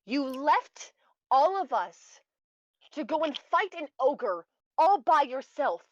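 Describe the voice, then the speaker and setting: A woman speaking as an exasperated warrior who lectures a reckless ally with indignant force. Her voice is fairly high and very dry, and the recording is slightly dull and lo-fi. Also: animated, moderate pace, no echo. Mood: scolding. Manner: scolding, indignant.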